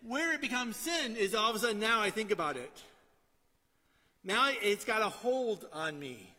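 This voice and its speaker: High, bright-voiced preacher in a hall. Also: male voice, animated, normal speed. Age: middle-aged. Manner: conversational, asks "right?" often, drops to a quiet storytelling tone. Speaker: pastor. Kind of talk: sermon.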